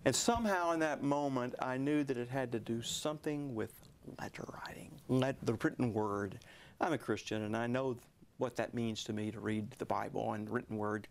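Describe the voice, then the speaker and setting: A guest author in his sixties tells a personal story during a television interview, speaking earnestly and sometimes sinking into hushed tones. His mid-range voice is gravelly at normal speed, with slight background noise.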